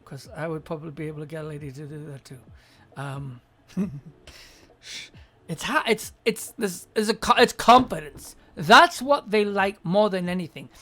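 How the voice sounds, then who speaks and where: A woman hosting an advice show, giving blunt, profane advice and acting out quick mock scenes along the way. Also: fairly low pitch, expressive, a bit bright. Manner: acts out little scenes in quick mock voices. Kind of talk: casual advice rant.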